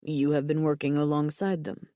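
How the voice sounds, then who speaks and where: A woman voicing a calm, mild-mannered alien barbarian warrior in an audiobook, speaking in a low, even tone. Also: moderate pace, dry recording, clean studio sound, close to an everyday voice. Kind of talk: audiobook character voice.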